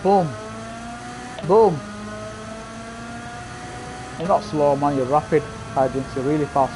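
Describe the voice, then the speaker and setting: Excitable male sim-racing streamer. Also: fairly high pitch, brisk, noisy background. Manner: excitable, loud frustrated outbursts, chats to viewers. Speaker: live gaming streamer. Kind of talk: live sim-racing commentary. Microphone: gaming headset.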